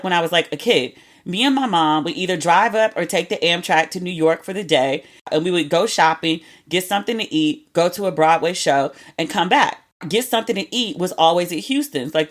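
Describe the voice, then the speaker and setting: A woman podcast host talking in a loose, storytelling way, her voice sitting a little low. She is candid and chatty, drops slang and the odd swear, and sounds like she is confiding in listeners. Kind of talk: casual storytelling monologue.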